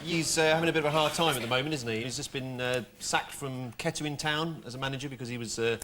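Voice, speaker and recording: A man's voice: mid-range voice, fast talker, bright, forceful tone. A man on a comedy panel show, riffing with dry, mock-indignant quips. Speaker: regular panelist. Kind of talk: improvised comic banter. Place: TV studio with audience. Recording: heavy tape hiss from an old VHS copy.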